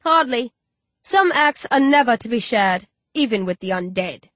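A woman's voice: fairly high pitch, animated, normal speed, fairly bright tone, dry recording. A smug, simpering male creep, voiced by a woman narrator, crude and pleased with himself. He speaks from close by in a dry, close recording.

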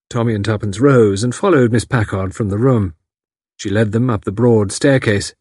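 A man narrating an audiobook in a lively, expressive reading. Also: lowish voice, moderate pace, husky, no room sound, clean studio sound.

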